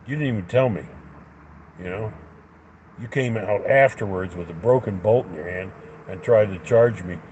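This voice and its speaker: A man's voice: fairly low pitch, a little mellow, slight background noise, rough recording. A man angrily telling a story in a profane rant, acting out both sides of an argument. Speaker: livestreamer. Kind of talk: angry ranting story.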